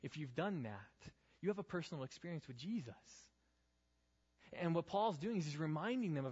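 A man's voice: on the high side, expressive, moderate pace, darkish tone, slightly rough. A young man giving a youth group sermon as pastor, earnest, building to pleading rhetorical questions. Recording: dull, reverberant hall sound.

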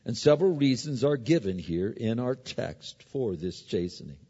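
A man's voice: mid-range voice, expressive, normal speed, warm tone, slightly rough. Man preaching in a reverberant hall. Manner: conversational preaching with stories and restarts. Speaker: pastor. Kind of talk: sermon. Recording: dull recording with long hall reverb.

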